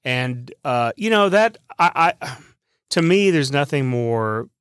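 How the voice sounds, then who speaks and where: A male historian on a podcast, talking in a relaxed, rambling way. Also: mid-range voice, smooth, no echo, clean studio sound. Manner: relaxed and rambling, with fillers and restarts. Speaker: guest historian and podcast co-host. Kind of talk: casual conversation.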